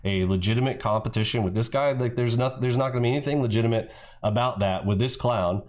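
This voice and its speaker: Heated, mocking man ranting. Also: quick pace. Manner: heated, mocking, swears freely; mimics his rival in shrill yells. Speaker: trading video host. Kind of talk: ranting reaction commentary.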